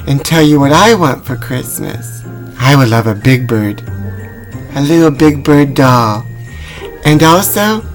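A woman playing a little boy reciting a letter to Santa. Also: low-pitched. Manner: slow sing-song recital.

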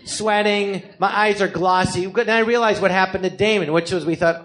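Casting note: profane male stand-up storyteller, 50s, from California, high-pitched. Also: normal speed, hardly any pauses. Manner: animated, profane, acts out the people he quotes. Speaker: comedian telling his story. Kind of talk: live storytelling monologue. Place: live theater stage.

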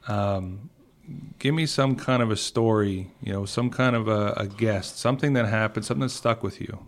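A man interviewing a departing host in a radio studio, asking questions in a relaxed, conversational way. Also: on the low side, normal speed.

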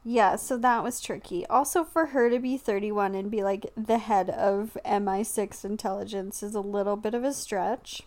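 A woman's voice: medium pitch, steady tone, moderate pace, few pauses, a little mellow. Laughing, swearing woman in casual chat. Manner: profane, laughing, exclaiming.

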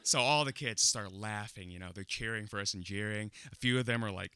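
A young man telling a funny personal story to an audience, animated and often breaking into laughter as he builds the tension. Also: lowish voice, a little fast, clear, resonant tone.

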